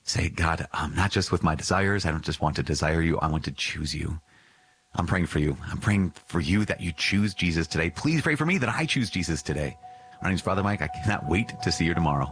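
Low, husky-voiced priest giving a homily. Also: male voice, lively intonation, a little fast, fairly bright tone, poor audio. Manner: earnest, conversational, with asides and acted-out inner voices. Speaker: Catholic priest. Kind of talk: conversational homily.

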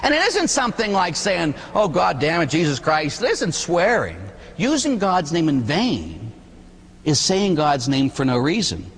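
A man, a Catholic priest, giving an animated, conversational sermon full of rhetorical questions. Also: on the high side, unhurried, slightly rough, in a large hall.

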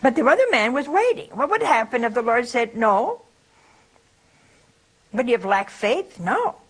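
A woman's voice: fairly high pitch, sing-song, a little slow, breathy edge, rough recording. An older woman giving a spiritual talk, telling folksy stories and asking rhetorical questions. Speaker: religious speaker.

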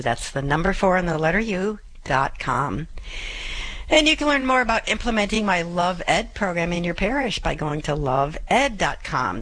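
A fast, chatty woman hosts a call-in radio advice show and keeps clearing her throat. Her voice sits a little low, with a throaty edge from choking on saliva. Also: fairly bright tone, rough recording. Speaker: radio advice show host and life coach.

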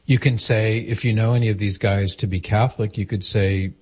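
A man's voice: on the low side, fairly even intonation, fairly quick, few pauses, a little mellow, slightly rough. A man hosting a call-in advice show, speaking directly and earnestly and posing questions to the caller. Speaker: radio advice host.

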